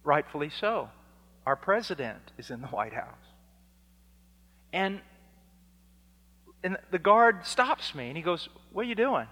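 A man preaching a fiery sermon, dropping to a hush and then rising to shouts as he acts out exchanges. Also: fairly high pitch, very animated, measured pace, pauses often. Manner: swings from hushed to shouting, acts out dialogues. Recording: long hall reverb.

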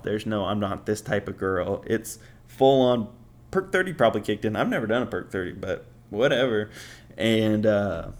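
Young man, fairly low voice, casual storytelling, blunt, swears a lot, laughs often. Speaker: podcast host.

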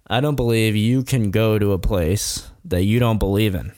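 A man's voice: fairly low pitch, normal speed, darkish tone, dry recording, studio quality. Rambling, chuckling man telling a story. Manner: rambling, chuckling, profane asides. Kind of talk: casual storytelling chat.

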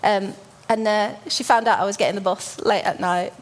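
A woman in her forties delivers a sermon as a personal story, speaking at an ordinary, middling pitch. She is from Birmingham and often pauses with fillers and restarts her sentences. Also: fairly even intonation, faint music behind. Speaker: church speaker.

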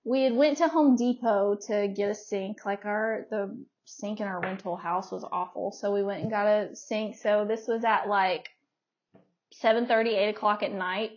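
A young woman, a podcast guest, telling a personal story in an animated, laughing way. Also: mid-range voice, normal speed. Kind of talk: casual storytelling. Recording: dull lo-fi recording.

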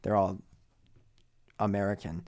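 A young man co-hosting a casual podcast chat, rambling through stories with lots of fillers and sudden drops and rises in loudness. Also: sits low, level tone, measured pace. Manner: rambling, filler-heavy storytelling with big swings in loudness. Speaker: podcast co-host.

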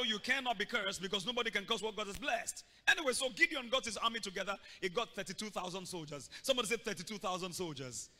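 Male pastor, high bright voice, theatrical sermon delivery with shouted bursts. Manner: dramatic, acting out scenes with shouts and sudden loud bursts. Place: church hall. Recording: long reverb of a large hall.

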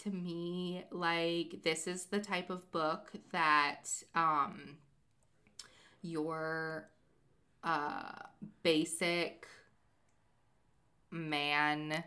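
A young woman chats about books as a podcast co-host, telling stories in a lively, rambling way with plenty of fillers. Her voice sits a little low but sounds bright and clear. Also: extremely slow, long pauses. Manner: chatty, animated storytelling with many fillers. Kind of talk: casual chat about books.

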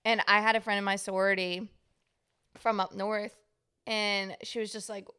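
A woman's voice: mid-range voice, little pitch movement, moderate pace, sharp tone, clean tone. A young woman with a Southern American accent, co-hosting a podcast in casual, giggly, teasing chat. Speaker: podcast co-host.

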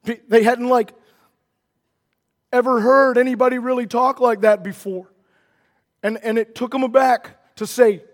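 A man delivers a sermon in a noticeably high voice. He speaks earnestly, doubles back on his words, and presses toward emphatic statements. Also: unhurried, in a large hall. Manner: earnest, repeats words, builds to emphatic declarations. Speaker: preacher.

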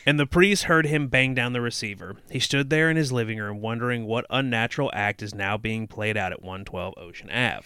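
A man's voice: mid-range voice, a little fast, few pauses, pushed and bright, smooth, dry recording, studio quality. A man co-hosting a podcast, reading a horror book aloud and breaking off to joke and tease. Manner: joking, teasing, mock-dramatic quoting. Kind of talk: casual reading and banter.

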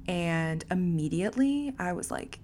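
A woman's voice: fairly low pitch, animated, unhurried, darkish tone, slight background noise. Frank, swearing woman telling a story. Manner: frank and profane, laughing at herself. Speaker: podcast host telling a personal story. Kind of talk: casual storytelling.

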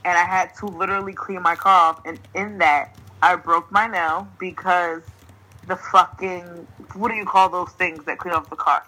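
A young woman from New Jersey, a podcast host telling a story in casual chat, swearing freely and ranting in an animated way, laughing often. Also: lowish voice, moderate pace, poor audio.

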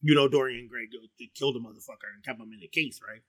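A middle-aged man with a baritone voice rambles through a loose, profane podcast chat, stoned and full of "like" and "um." His pitch sits mid-range, and the sound is dry and close to the mic. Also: fairly even intonation, fast talker, a bit bright, dry recording. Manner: rambling and profane, heavy with fillers and restarts. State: high on marijuana. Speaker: podcast co-host. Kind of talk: casual chat.

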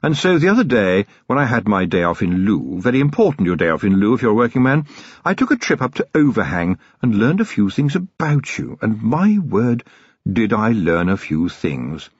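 Man voicing a cheerful menacing manservant, chatty street fighter, lively pitch, husky voice, storybook reading. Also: drawn-out words, few pauses, no room sound, highs cut off, heavily acted. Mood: cheerful menace. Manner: chatty, friendly, quietly threatening.

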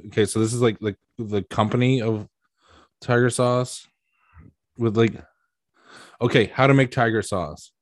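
A man's voice: mid-range voice, unhurried, pauses often, dry recording, clean studio sound. A man co-hosting a podcast in casual chat, rambling and incredulous as he riffs. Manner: rambling, incredulous, animated riffing. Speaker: podcast co-host.

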